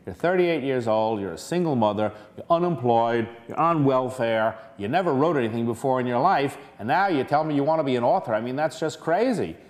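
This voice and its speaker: A man's voice: mid-range voice, expressive, a little fast, few pauses, natural voice. A man putting on a condescending woman who heads hiring at a company, dismissive and patronizing. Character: condescending woman office manager, head of hiring.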